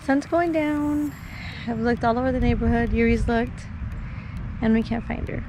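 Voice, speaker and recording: A woman in her thirties, a mother vlogging while sad from crying, talking softly and rambling with many fillers, outdoors in a small park on a phone. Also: fairly high pitch, fairly even intonation, normal speed, noisy background. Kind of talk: casual vlog talk.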